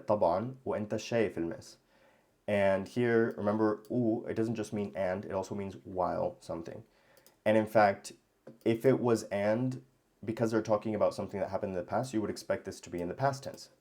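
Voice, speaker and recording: A man teaching grammar in a casual lesson, thinking aloud with many pauses and restarts. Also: fairly low pitch, dark tone. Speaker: language teacher.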